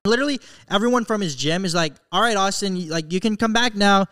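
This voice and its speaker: A young man around twenty, a podcast co-host, telling a story fast and rambling with lots of fillers. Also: high-pitched, sharp tone, smooth. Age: young adult.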